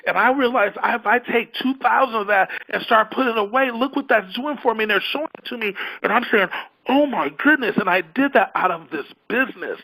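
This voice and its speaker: Fervent high-voiced man rallying a sales team. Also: pushed and bright, rough recording. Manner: preachy and fervent, acts out prospects' inner voices. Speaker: business leader giving a training call. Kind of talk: motivational sales training talk.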